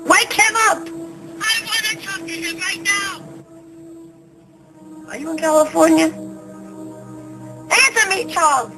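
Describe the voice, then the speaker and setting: A frantic, high-voiced mother. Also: a little slow, pauses often, over music, low-quality recording. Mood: demanding. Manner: frantic, pleading, shouting. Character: desperate mother whose son was taken. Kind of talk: TV movie drama acting.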